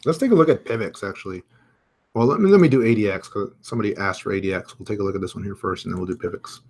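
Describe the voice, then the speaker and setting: A man's voice: lowish voice, quick pace, slightly rough. Chatty man hosting a crypto live stream. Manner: chatty, reads viewer comments aloud, thinks out loud with fillers. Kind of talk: casual live chart commentary.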